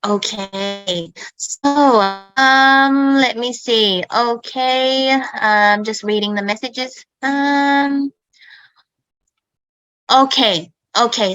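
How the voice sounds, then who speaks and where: A woman's voice: a little high, very slow, a bit bright, dry recording, soft background music, rough recording. A woman who grew up in Australia, hosting an online English chat in an emphatic way, often checking in with "okay?". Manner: emphatic, repeats herself, keeps asking "okay?". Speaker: host and English teacher. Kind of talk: casual online teaching chat.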